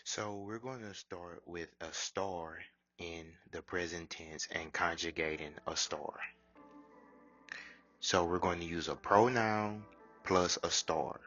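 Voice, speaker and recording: A man teaching a language lesson, drilling short phrases slowly and deliberately with pauses. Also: low-pitched, bright, forceful tone, no room sound, muffled recording, soft background music.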